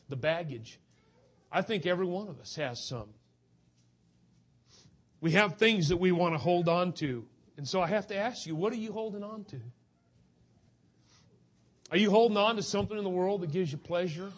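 Male preacher, earnest and emotional, voice a little high, urging his listeners. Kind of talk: sermon.

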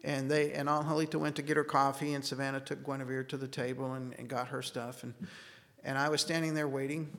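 A man's voice: mid-range voice, little pitch movement, fairly quick, a bit bright. A man giving an earnest sermon in a church hall, telling a personal story and acting out the dialogue in it. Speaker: speaker giving a church talk. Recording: long reverb of a large room.

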